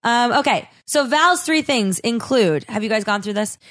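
A woman's voice: fairly high pitch, animated, normal speed, a bit bright. A woman on a casual podcast, sarcastic and blunt, swearing freely while she rips into people. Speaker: podcast guest.

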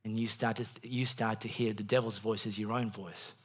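A man preaching a sermon in a church, swinging from hushed passages to loud bursts and repeating phrases for emphasis. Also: fairly low pitch, little pitch movement, brisk, husky. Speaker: pastor.

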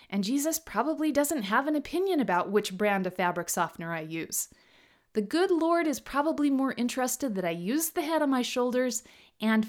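A woman giving a scripted talk, telling humorous stories playfully and slowing down to stress key words. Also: a little high. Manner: slow and emphatic on key words. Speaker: motivational speaker.

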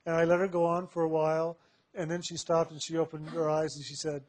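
A man with a somewhat high voice tells a personal story at an unhurried, reflective pace. He laughs softly now and then as he recounts it. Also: level tone.

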